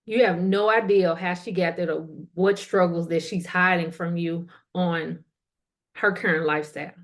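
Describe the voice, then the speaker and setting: A woman's voice: lowish voice, steady tone, normal speed. Casual, chatty woman podcast host. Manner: casual, colloquial, asks the listener direct questions. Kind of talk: motivational podcast monologue.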